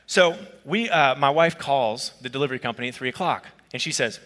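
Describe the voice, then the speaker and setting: A man preaching a sermon as a pastor, telling a personal story in an animated, conversational way with asides. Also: mid-range voice, brisk. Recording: long hall reverb.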